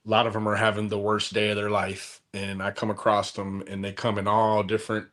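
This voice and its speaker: A man with a low voice, co-hosting a podcast. He talks in a relaxed, conversational way, reflecting on what he has seen and laughing a little at himself. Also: fairly quick. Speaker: podcast co-host.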